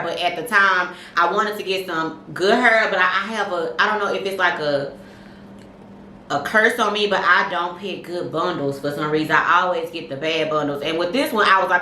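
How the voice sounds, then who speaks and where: A woman's voice: fairly low pitch, a little fast, sharp tone, reverberant, slight background noise, rough recording. A woman co-hosting a podcast, telling stories casually, laughing and acting out voices. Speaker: podcast co-host. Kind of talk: casual chat, storytelling.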